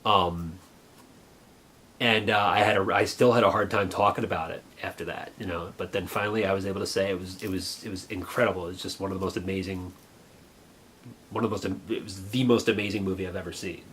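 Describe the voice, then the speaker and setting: A man in his forties earnestly recalling a childhood memory in a halting, reflective way. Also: sits low, steady tone, fairly bright tone, slight background noise. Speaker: vlogger. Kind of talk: personal reminiscence.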